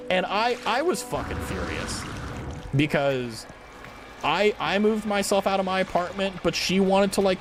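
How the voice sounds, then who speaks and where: A young man streaming as a VTuber, chatting casually with viewers and telling a rambling, profane story. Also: fairly high pitch.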